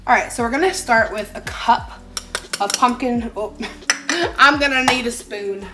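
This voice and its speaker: A woman's voice: on the high side, unhurried. A young woman in her twenties chatting casually through a home cooking vlog, bubbly, giggly and poking fun at herself. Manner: bubbly, giggly and self-mocking. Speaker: lifestyle vlogger. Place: home kitchen. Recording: echoey kitchen with music underneath.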